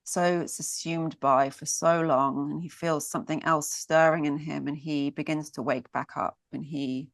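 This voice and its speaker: A woman's voice: low voice, fairly even intonation, normal speed, vocal fry, few pauses, dry recording. A woman telling a myth as a storyteller, lingering and repeating words for emphasis. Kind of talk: mythic storytelling.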